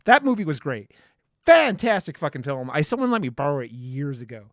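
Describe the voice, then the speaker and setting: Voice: mid-range voice, sing-song, fairly quick, no echo, clean studio sound. A podcast co-host in a casual horror movie review chat, rambling with many restarts and casual swearing.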